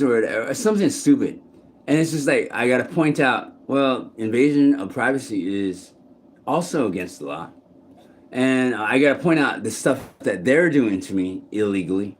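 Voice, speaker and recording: Man, mid-pitched voice, rambling profane vlog monologue recorded outdoors in a park. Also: expressive, moderate pace. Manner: rambling, profane, frequent restarts and fillers. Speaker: vlogger. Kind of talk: casual rambling monologue to camera.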